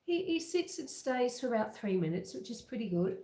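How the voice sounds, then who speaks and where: A woman hosting a casual home livestream, chatting slowly with viewers and reading out their comments. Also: on the high side, big pitch swings, mellow, roomy sound. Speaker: livestream host. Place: home kitchen. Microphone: computer webcam.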